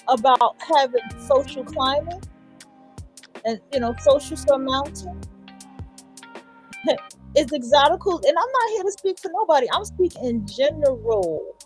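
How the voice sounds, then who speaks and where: A woman hosting a livestream, giving emphatic, repetitive reaction commentary with a husky voice. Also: high-pitched. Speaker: livestream host.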